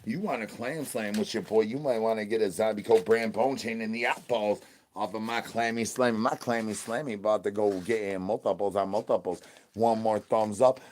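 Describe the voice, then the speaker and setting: A man's voice: lowish voice, a little mellow, lightly acted. A man voicing a starving, crude male zombie who streams to his chat, rambling in slang and repeating his begging catchphrases. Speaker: livestream entertainer. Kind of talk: in-character livestream comedy.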